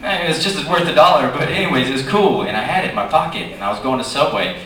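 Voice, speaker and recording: A man telling a chatty, animated anecdote as a panel guest at a convention, recorded from far off in a large hall. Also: fast. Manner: animated, chatty, with many fillers and lively jumps in pitch. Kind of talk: storytelling anecdote to an audience. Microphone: recorded from the audience, far from the speaker. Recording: echoey hall, distant audience recording.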